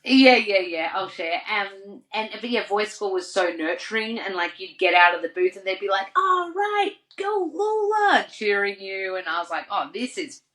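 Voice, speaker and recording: An Australian woman on a podcast as a guest, telling lively stories full of "like" and acted-out quotes. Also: medium pitch, normal speed, few pauses, low-quality recording. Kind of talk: casual interview storytelling.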